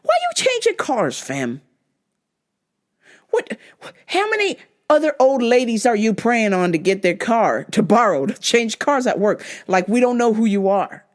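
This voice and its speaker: A woman's voice: fairly high pitch, sing-song, moderate pace, hardly any pauses. A young woman hosting a podcast, ranting casually with lots of profanity and mocking voices. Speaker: podcast host. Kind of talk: casual rant monologue.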